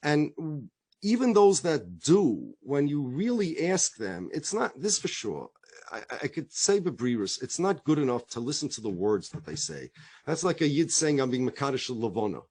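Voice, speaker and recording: Here the middle-aged rabbi speaks in a husky, mid-range voice at a moderate pace. Telling stories conversationally, he animatedly performs the characters' lines and keeps circling back to repeat himself.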